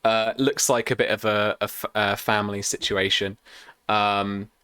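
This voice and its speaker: A man's voice: fairly low pitch, little pitch movement, unhurried, bright, forceful tone, clean tone. A young man running a tabletop game as game master, rambling and swearing with lots of fillers. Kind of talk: improvised tabletop game narration.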